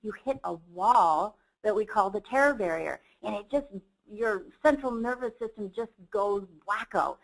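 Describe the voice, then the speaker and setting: An earnest middle-aged woman presents a motivational seminar. She talks in a personal, storytelling way, her voice at an ordinary pitch. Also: normal speed, creaky, low-quality recording. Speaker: company CEO and seminar presenter.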